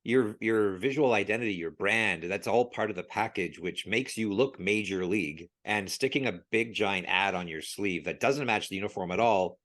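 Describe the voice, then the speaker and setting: Lower-voiced man, podcast guest, animated storyteller who laughs a lot. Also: normal speed, hardly any pauses. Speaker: podcast guest, sports logo expert. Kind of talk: casual podcast chat.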